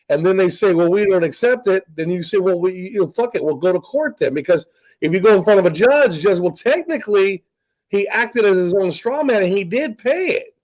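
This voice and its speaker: High-pitched guy going on insistently, repeats stuff a lot. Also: darkish tone, rough recording. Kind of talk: casual chat.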